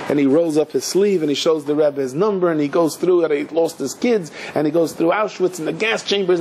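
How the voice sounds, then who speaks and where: A rabbi telling a story in a sermon, lively, moving between narration and acting out the characters. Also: male voice, fairly high pitch, fast talker, hardly any pauses, a little hiss or hum. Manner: animated, acts out the characters in a story.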